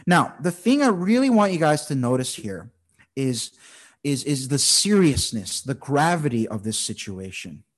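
Pastor in his thirties, conversational Bible teaching, slightly high voice with a very lively, swinging pitch. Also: moderate pace. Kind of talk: sermon.

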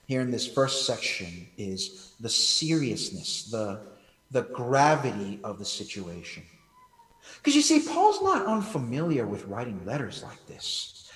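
A young man preaching a sermon as pastor, emphatic and conversational. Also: a little high. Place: church hall. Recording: echoey church hall, voice from far off.

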